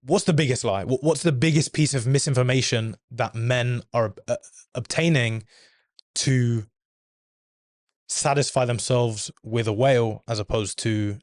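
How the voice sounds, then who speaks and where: A man hosting a podcast, asking earnest, measured questions in conversation. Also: medium pitch, steady tone, darkish tone, no echo, clean studio sound. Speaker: podcast host.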